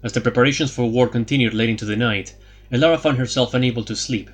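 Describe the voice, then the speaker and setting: A man narrating a fantasy audiobook in a steady, even reading. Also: mid-range voice, quick pace.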